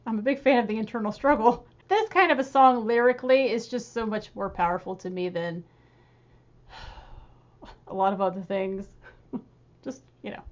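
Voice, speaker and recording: A woman reacting to a rock song in casual, excited commentary, gushing and laughing as she talks. Her voice sits a little high, and the audio is slightly dull and lo-fi. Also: normal speed, long pauses. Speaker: music reaction host.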